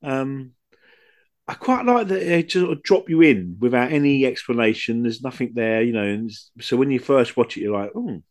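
A man co-hosting a casual podcast, modest and agreeable, speaking softly. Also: medium pitch, animated, moderate pace. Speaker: podcast co-host.

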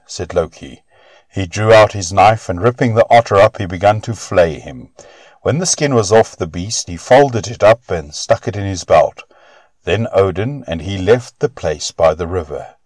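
A man narrating a myth-story aloud in an expressive, measured reading on a close mic. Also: low-pitched, dry recording.

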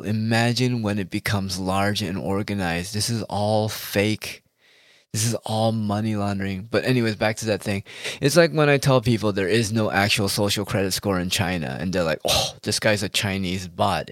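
A man's voice: lowish voice, no echo, studio quality. A man talking straight to his audience in a rambling, heated monologue, full of swearing. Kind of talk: casual ranting monologue.

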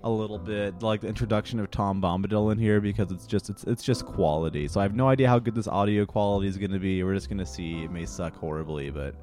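A man's voice: on the low side, fast, few pauses, warm tone, faint music behind. A man hosting a casual podcast, rambling with lots of fillers and profanity. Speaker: podcast host. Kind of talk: casual chat.

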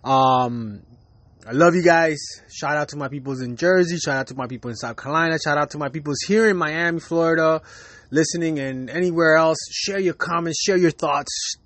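High-voiced man ranting on his podcast. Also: moderate pace, a bit bright, dry recording. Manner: loose, profane, laughing often. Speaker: podcast host. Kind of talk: casual ranting monologue. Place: Miami.

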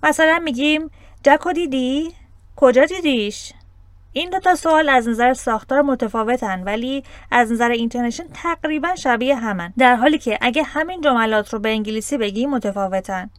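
A woman's voice: on the high side, animated, no echo, clean studio sound. A woman whose first language is Persian hosts a teaching podcast. She explains points in both Persian and English. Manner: explains slowly, switching between Persian and English.

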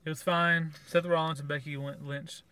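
A man's voice: on the high side, flat delivery, moderate pace, sharp tone, clean tone. A man co-hosting a podcast, giving blunt, sarcastic opinions in casual review chat. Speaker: podcast co-host.

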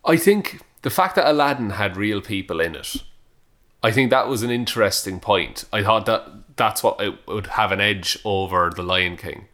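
A man with a lowish but bright voice co-hosts a casual movie podcast. His pitch moves a lot as he talks. He trades dry wisecracks with his co-host. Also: animated, normal speed. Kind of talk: casual film chat.

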